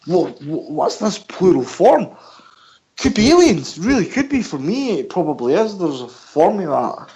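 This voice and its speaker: A man from the United Kingdom talks as a guest on a casual radio show. His pitch sits a bit high for a man. He rambles in an animated way and answers his own questions. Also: unhurried, poor audio. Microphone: headphones and mic at home.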